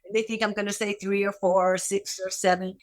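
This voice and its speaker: A woman's voice: mid-range voice, little pitch movement, a little fast. An older woman, a guest actress, telling a personal story in a podcast interview, emotional and repeating phrases for emphasis.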